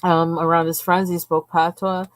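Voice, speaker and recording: Brief: chatty woman livestream host, lowish voice, close dry mic, rambling and full of fillers. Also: level tone, moderate pace, dry recording. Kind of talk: casual chat while coloring.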